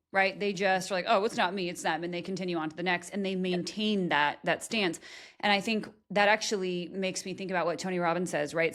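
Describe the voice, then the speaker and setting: A woman hosting a podcast interview, energetic and chatty, often tagging her points with "right?". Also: on the low side. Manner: energetic, frequent "right?" tags, laughs often. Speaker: podcast host.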